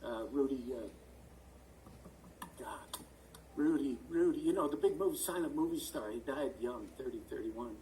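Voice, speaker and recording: Chatty and wandering, this older stage and screen actor shares stories as an interview guest via video call, often searching for words. His medium-pitched, warm voice moves at a moderate pace with frequent pauses, and the low-quality recording from a distant mic has slight background noise.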